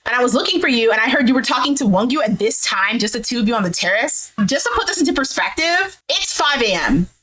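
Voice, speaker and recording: A woman recapping a dating show episode in a casual, animated way, quoting the cast as she retells each scene. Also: on the high side, fast talker, few pauses, poor audio. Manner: retells scenes animatedly, acting out quotes with "he's like". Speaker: recap vlogger. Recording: faint background noise.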